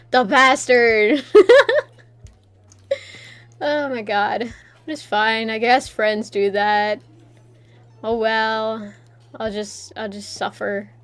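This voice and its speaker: A woman's voice: fairly high pitch, a bit bright. A young adult woman streamer who chats casually while drawing, rambling and self-deprecating and laughing often.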